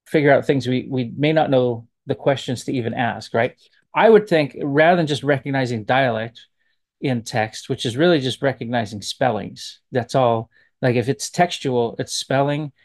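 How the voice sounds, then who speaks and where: A man, a professor, giving casual spoken commentary on language, relaxed and thinking aloud as he digresses. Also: mid-range voice, vocal fry.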